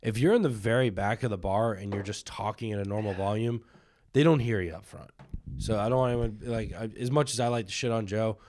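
Young man, podcast co-host, low-ish voice, teasing, crude, relaxed banter. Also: brisk. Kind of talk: casual chat.

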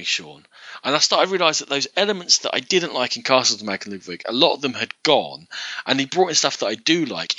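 A man with a very bright, forward voice shares his opinions on games freely, his pitch swinging widely as he talks. He sounds like a podcast co-host in relaxed conversation, recorded close and dry with no room sound. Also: dry recording, highs cut off. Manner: opinionated, talks through his changing view of a game. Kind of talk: casual chat reviewing board games.

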